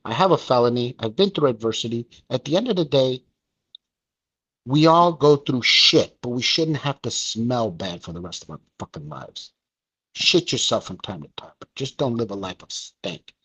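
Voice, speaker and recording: A man speaking as a guest in a candid podcast talk, blunt and profane, telling stories with lively energy. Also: medium pitch, moderate pace, slightly rough. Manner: blunt and profane, animated storytelling. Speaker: interview guest, peer mentor.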